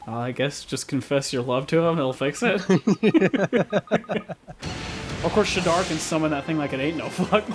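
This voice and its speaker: A woman's voice: deep voice, expressive, unhurried. Giggly woman joking over gameplay. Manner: giggly, silly, playful, laughs often. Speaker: let's play co-host. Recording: game music in background.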